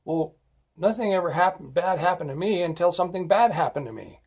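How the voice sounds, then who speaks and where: A man's voice: high-pitched, expressive, fairly quick, darkish tone, slightly rough. A middle-aged man, a former police officer, giving a blunt safety talk full of personal stories and often checking in with "all right?". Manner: emphatic, repeatedly asks "all right?"; blunt and scolding when making a point.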